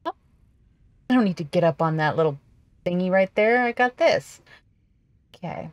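A woman hosting a gameplay video, chatting casually and excitedly to herself as she plays. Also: fairly low pitch, a little fast, no room sound, dull audio. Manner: chatty, excitable, talks to herself while playing. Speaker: gaming video host.

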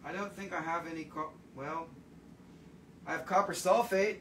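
A man with a high-sitting, steady voice speaks a little slowly against slight background noise. As a livestream gem seller working from home, he keeps the live-selling chat casual, rambling, cursing, and laughing freely.

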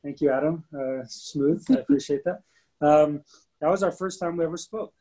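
Husky, mellow-voiced man telling a story. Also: on the high side, moderate pace, poor audio. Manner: animated storyteller, bursts into rapping. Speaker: podcast co-host. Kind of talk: casual storytelling chat.

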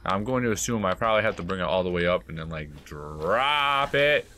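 A man's voice: low-pitched, very fast, a bit bright. A man doing casual commentary over a game playthrough, muttering in exasperation and swearing often. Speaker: gameplay host. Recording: noisy home recording.

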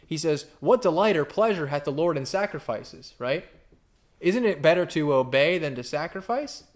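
A pastor preaching in a casual, conversational way, with wry asides and lively acted-out quotes. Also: male voice, moderate pace. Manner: animated, acts out quotes with big pitch jumps. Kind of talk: conversational sermon.

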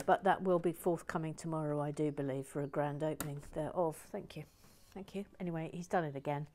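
A woman hosting a relaxed brick-building stream, chatting playfully and reading out viewer comments with many asides. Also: sits low, slight background noise.

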